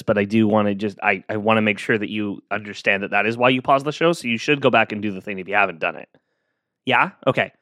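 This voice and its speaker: A man's voice: fairly low pitch, fairly bright tone, no echo, studio quality. Rambling earnest male podcast host. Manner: rambling, earnest, self-deprecating, lots of fillers. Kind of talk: casual solo podcast monologue.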